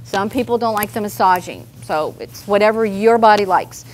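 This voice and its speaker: A woman's voice: mid-range voice, moderate pace, a little hiss or hum. A woman therapist leading a live group workshop, chatty and guiding people through simple movements. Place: meeting room with a group.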